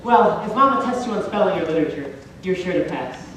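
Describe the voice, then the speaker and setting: A woman's voice: fairly low pitch, lively intonation, fast, noisy background, lightly acted. A woman playing an earnest young royal. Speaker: student actor. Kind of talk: stage musical acting. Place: school auditorium stage. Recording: echoey hall from far off, faint ambience.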